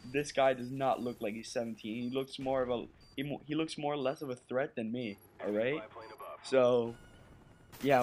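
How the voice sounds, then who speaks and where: A man's voice: mid-range voice, a little mellow, slight background noise. A young man doing casual voice-over commentary over gameplay, nervous and stumbling, often repeating words and asking "right?".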